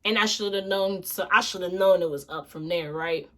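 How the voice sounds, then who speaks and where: A woman vlogger telling a casual storytime tale in an animated, slangy, expressive way. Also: lowish voice, moderate pace.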